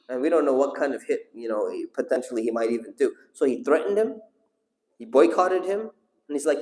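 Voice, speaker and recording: A man's voice: medium pitch, lively intonation, a little fast, mellow. Man teaching a class in an echoey hall. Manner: asks the audience questions and calls on listeners. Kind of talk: storytelling religious lesson with audience questions. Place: mosque hall.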